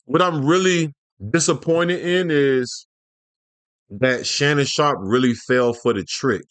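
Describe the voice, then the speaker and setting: A man's voice: medium pitch, slow, a bit bright, clear, resonant tone, no echo. A man giving casual reaction commentary, loose, profane and joking in slang. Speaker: YouTube commentator.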